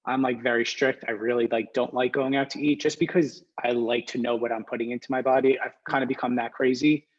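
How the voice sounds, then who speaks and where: Guy in his 20s on a podcast, soft and hesitant, says like a lot, bit muffled sound. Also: medium pitch, flat delivery, fairly quick, few pauses. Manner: soft-spoken, hesitant, lots of "like". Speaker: podcast guest. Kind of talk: casual interview.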